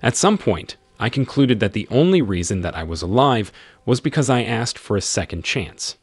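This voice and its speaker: Guy narrating a story, dry close sound, lively up and down delivery. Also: on the low side, slightly rough, no room sound. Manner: expressive storytelling reading. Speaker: channel host and narrator. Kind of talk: narrating a first-person story.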